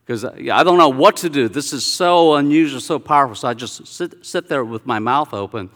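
A male pastor preaching a sermon, telling a personal story with animated swings between hushed and loud delivery. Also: medium pitch, fairly quick, in a large hall.

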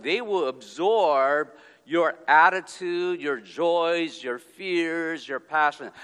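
A man giving a personal storytelling talk, speaking in deliberate, drawn-out phrases with pauses and checking in with "okay?". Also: a little high, fairly bright tone. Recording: long hall reverb.

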